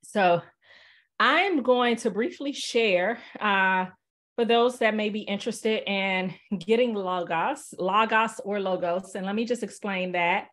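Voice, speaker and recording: Casting note: relaxed, chatty woman demoing software on a webinar call, mid-pitched, lots of ums. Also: unhurried. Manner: chatty, relaxed, with many fillers. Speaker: software presenter. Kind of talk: casual webinar demo.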